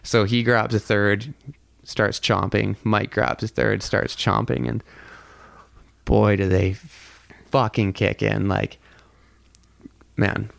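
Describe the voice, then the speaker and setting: Casual male storyteller, low gravelly voice, filler-heavy and profane, dry close-miked sound. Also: flat delivery, slow, pauses often, fairly bright tone, no room sound. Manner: rambling, heavy on "like" fillers, swears freely. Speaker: podcast guest telling a story.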